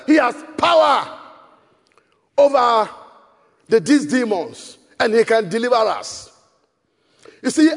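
A man with a Ghanaian accent preaching a sermon, shouting for emphasis and switching between English and Twi, in a hall with long reverb. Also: very high voice, slightly rough.

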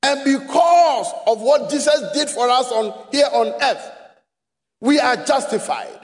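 A Ghanaian man preaching a sermon, emphatic, repeating rhetorical questions and rising to shouts. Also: very high voice, measured pace, long reverb tail.

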